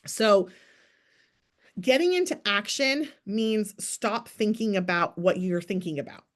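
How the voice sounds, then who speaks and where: A chatty woman in her thirties gives a lively coaching talk to her sales team. She talks fast and keeps acting out sample messages in a brighter voice. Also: mid-range voice.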